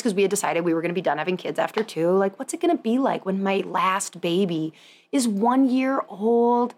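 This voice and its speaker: A woman's voice: medium pitch, expressive, normal speed, a little mellow. A woman hosting a podcast, chatting casually and rambling with many fillers, poking fun at herself and acting out what others said. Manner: rambling, self-deprecating, lots of "like", acts out quoted voices. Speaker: podcast host, chiropractor. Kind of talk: casual chat.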